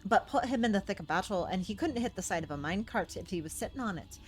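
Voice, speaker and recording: A woman voicing a gruff, blunt older male dwarf chief with a put-on rough folksy accent, reading game dialogue. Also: medium pitch, animated, fast, soft background music, lightly acted. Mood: wry.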